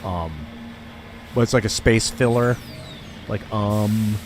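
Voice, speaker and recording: A man's voice: on the low side, slow pace, music in the background. A young man streaming a video game, chatting casually and rambling with lots of fillers and "like". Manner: rambling, filler-heavy, says "like" a lot. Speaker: gaming streamer.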